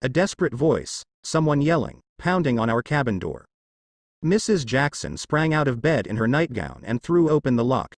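A man reading a story aloud. His pitch rises and falls a lot as he goes, and his voice is close and dry, with no room sound. He keeps the narration quick and even and only slightly lifts his tone for the characters' lines. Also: no echo. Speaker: fan fiction reader.

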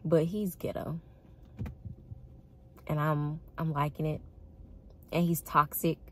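A woman's voice: low-pitched, flat delivery, slow, fairly bright tone. A young woman telling a dating story to her viewers in a casual, chatty way, often laughing and calling them y'all. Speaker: vlogger.

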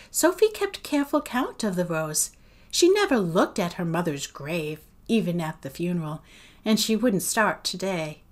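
Slow, measured woman reading a novel. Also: medium pitch. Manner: measured, expressive storytelling. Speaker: teacher.

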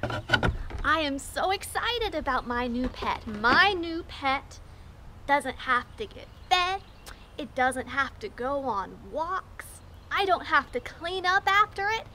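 A woman librarian leading a storytime for young children, talking in an animated, exaggerated sing-song way. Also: sits high, takes it slowly, background noise.

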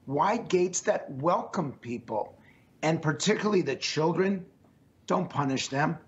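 A man with a slightly high voice answers interview questions in an earnest, emphatic way, going back over his own phrases. His voice sounds strained. The audio is dull and lo-fi, as from a remote link. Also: expressive, a little slow. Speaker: pollster guest.

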